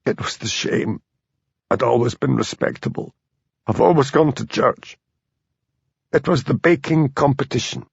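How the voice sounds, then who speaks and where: A man's voice: mid-range voice, unhurried, vocal fry, no room sound. A man voicing a frail, ashamed woman in her fifties who speaks in a tearful, faltering way. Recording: dull dry lo-fi audio.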